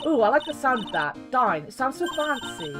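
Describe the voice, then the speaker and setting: A woman's voice: sits high, very animated, normal speed. A woman reading as a prim little girl. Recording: game music behind voice.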